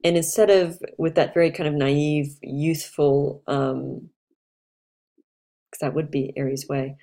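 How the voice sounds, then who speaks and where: A woman's voice: low-pitched, fairly even intonation, a little slow, mellow. A woman astrologer giving a casual, chatty talk, reflective and loose, with fillers and restarts.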